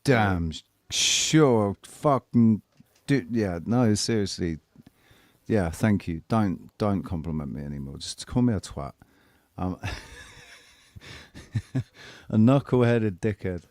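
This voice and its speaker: A man co-hosting a casual podcast, telling stories in an animated, sweary way. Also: lowish voice, slow pace, pauses often, no echo. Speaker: podcast co-host. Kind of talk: casual chat.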